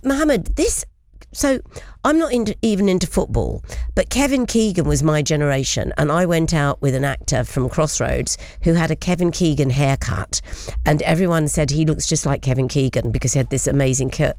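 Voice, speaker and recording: Woman, middle-aged, host, chatty, laughs easily, lowish voice, dry close sound. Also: normal speed, darkish tone, no room sound. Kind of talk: casual radio panel chat.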